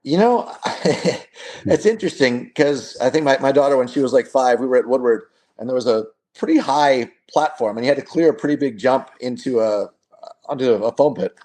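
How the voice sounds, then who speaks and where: A man as an interview guest, telling stories in a relaxed way with lots of filler words and frequent chuckles. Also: medium pitch, moderate pace. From United States. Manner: relaxed storytelling, chuckles often, many fillers. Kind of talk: casual interview conversation.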